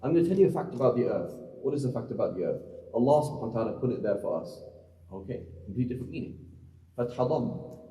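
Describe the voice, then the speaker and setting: A man teaches a class in a mellow, dark voice, often asking questions and going over each point again. He sounds far from the mic in a big hall with a long, echoing reverb. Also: mid-range voice, expressive, fast. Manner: questioning, repeats points to students. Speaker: Islamic teacher. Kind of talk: classroom lecture on Quranic Arabic. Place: large hall, mosque center.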